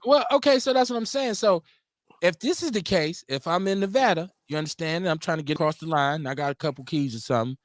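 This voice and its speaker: A man with a Milwaukee accent hosting a casual radio talk show, animated and profane, often acting out quotes in mock voices. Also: a little high, quick pace, dry recording, clean studio sound. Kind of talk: casual call-in radio chat.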